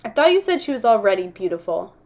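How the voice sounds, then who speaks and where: A woman's voice: medium pitch, very animated, fast talker, darkish tone. A woman reading aloud, voicing a skeptical schoolboy who teases and contradicts. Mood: teasing. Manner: teasing and contrary.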